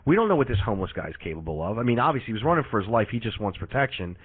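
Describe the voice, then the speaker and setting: A man's voice: on the low side, very animated, racing, breathy edge. A young man on a podcast, casually retelling a movie plot in an exasperated, profane rant. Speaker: podcast host. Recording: tinny lo-fi livestream audio.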